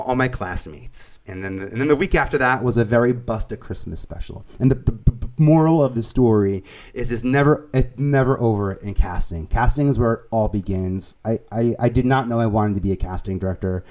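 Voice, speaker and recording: A man with a New York accent, a producer and casting director, chatting as an interview guest in an animated way, laughing easily and restarting his sentences. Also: fairly low pitch. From Staten Island, New York. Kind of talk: conversational storytelling.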